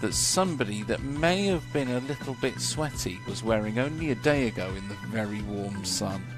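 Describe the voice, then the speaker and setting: A man's voice: lowish voice, animated, normal speed, over music. A man giving live commentary at a model car race, chatty and joking, laughing often.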